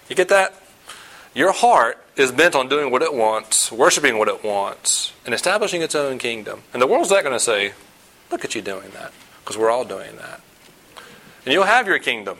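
A man preaching a sermon in an earnest, conversational way, asking the listeners questions and hitting key words with sudden loud emphasis. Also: medium pitch, big pitch swings, moderate pace, low-quality recording. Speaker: pastor.

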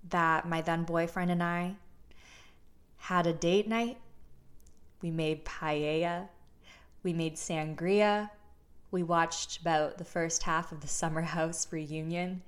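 A woman's voice: fairly low pitch, steady tone, slow pace. A young woman in her twenties telling a personal story to her viewers in a casual, candid way, swearing freely and restarting her sentences as she goes. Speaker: vlogger.

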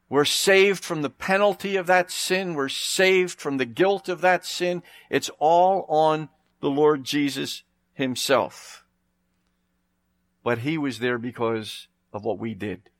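A man's voice: on the high side, fairly bright tone, no echo. Emphatic preacher man outdoors, dry sound. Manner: emphatic, slows and rises to stress scripture. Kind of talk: sermon.

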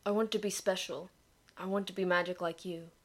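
A woman's voice: fairly low pitch, steady tone, fairly quick, lightly acted. A woman voicing a nervous young man who speaks tensely and shakily, sometimes in a whisper.

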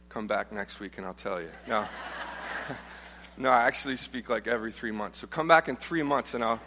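A bright-voiced male preacher with a mid-range voice speaks in a reverberant church auditorium, where the big hall adds a long echo. His sermon is humorous and informal, full of storytelling, and he often starts his sentences over.

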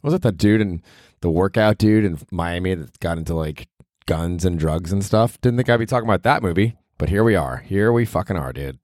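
A man's voice: low voice, fairly quick, a little mellow, no echo, studio quality. A male comedian hosting his own podcast, rambling through a casual, profane and self-mocking solo monologue.

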